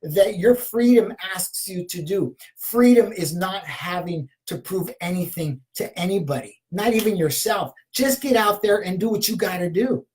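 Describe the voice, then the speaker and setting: A man in his fifties, a shamanic healer, giving a spiritual motivational talk. He repeats searching questions and punctuates them with a soft "aho", sometimes dropping to a whisper and at other times rising into passionate, emphatic affirmations. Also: sits high, lively intonation, normal speed, few pauses, rough recording. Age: 50s.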